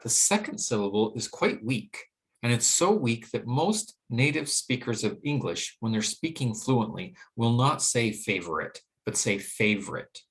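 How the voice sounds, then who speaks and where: A man teaching English pronunciation in a recorded lesson, explaining clearly and saying example words slowly and deliberately. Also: mid-range voice, a bit bright.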